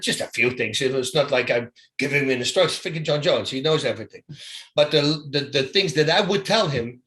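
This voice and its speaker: A man, a former fighter, guesting in a casual interview, telling animated stories, mimicking punch sounds and laughing between phrases. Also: on the high side.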